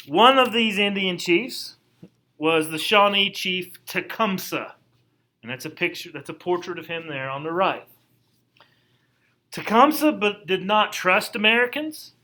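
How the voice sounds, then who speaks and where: Bright high-voiced male history teacher. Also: rough recording. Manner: casual, conversational lecturing with slangy asides. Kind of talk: recorded classroom lecture.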